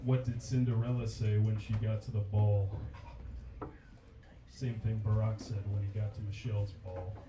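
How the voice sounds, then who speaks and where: Deadpan comic in an echoey club. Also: male voice, on the low side, moderate pace. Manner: dry, formal setups before crude punchlines. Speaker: stand-up comedian. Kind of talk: deadpan stand-up set. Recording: echoey club room, distant mic, background noise.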